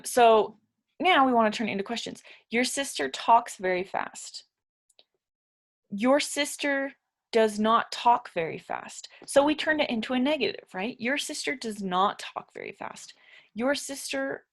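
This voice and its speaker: Patient woman teaching grammar. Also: fairly high pitch. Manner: patient, explains step by step, asks learners questions. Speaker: English teacher. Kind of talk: grammar lesson.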